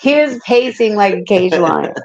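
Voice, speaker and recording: A woman hosting, retelling a court transcript in an animated way, laughing as she goes. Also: mid-range voice, normal speed. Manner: animated, laughs while telling. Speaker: host. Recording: muffled lo-fi audio.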